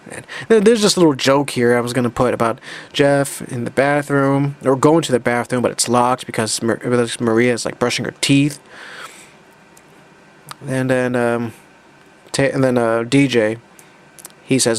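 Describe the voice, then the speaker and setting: Young man, casual creator commentary, rambling and halting. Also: medium pitch. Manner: rambling, halting, with many restarts. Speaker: comic creator.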